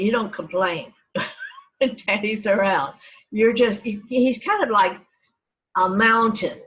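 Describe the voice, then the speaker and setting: Older Texan-raised woman, oral-history reminiscing, mid-pitch, rambling with restarts. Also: a bit bright, rough recording. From Dallas, Texas. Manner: meandering, frequent restarts and self-corrections. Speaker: family storyteller.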